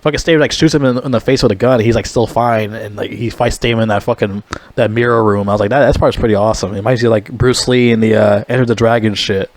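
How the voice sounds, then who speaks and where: A man's voice: fairly low pitch, steady tone, fast, dry recording. A young man giving a casual movie review, rambling, blunt and full of swearing. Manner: rambling, heavily profane, blunt.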